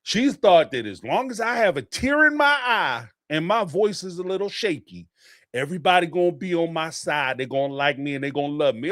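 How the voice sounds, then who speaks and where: A man's voice: fairly high pitch, expressive, fairly quick, fairly bright tone, no echo, clean studio sound. A man giving casual live reaction commentary on a reality show, blunt and profane, often mimicking people in mocking voices.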